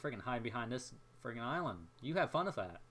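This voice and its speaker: Young male gameplay commentator, mid-range voice; excitable, self-mocking running chatter. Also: medium pitch, fast talker. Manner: excitable, jokey, talks to himself while playing.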